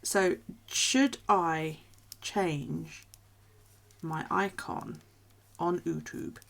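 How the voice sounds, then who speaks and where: A woman's voice: low voice, expressive, unhurried, vocal fry. A woman, chatting casually and swearing freely while live-streaming from home at night. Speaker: craft streamer.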